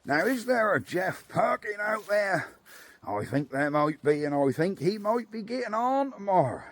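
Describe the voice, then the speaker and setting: A man chatting cheerfully to viewers, recorded on a phone propped up in an outdoor yard. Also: a little high. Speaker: vlogger. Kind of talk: casual chat to camera.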